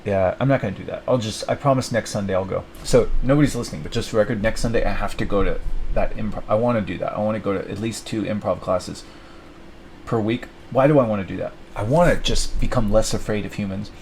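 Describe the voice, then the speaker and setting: A man's voice: on the low side, fast, vocal fry, darkish tone, a little hiss or hum, rough recording. A young man thinking aloud at his desk, rambling and self-mocking as he plans his week. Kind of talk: rambling solo self-talk.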